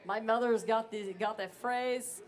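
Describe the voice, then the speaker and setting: Joyful man friend voiced by a woman, poetic halting English, raised pitch, cheerful. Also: steady tone, natural voice.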